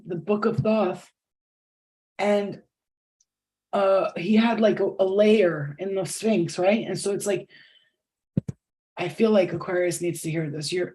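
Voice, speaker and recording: In a warm, mid-range voice, this middle-aged woman reads tarot on a live spiritual session. She's casual and profane, often restarting sentences and breaking into laughter.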